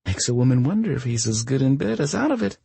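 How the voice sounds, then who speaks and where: Man putting on a cheeky young woman, raised voice, breathy and husky, blunt and playful, storybook romance. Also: mid-range voice, very animated, quick pace, warm tone, dry recording, pitched above the performer's own voice, heavily acted. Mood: teasing. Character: bold teasing young woman roommate.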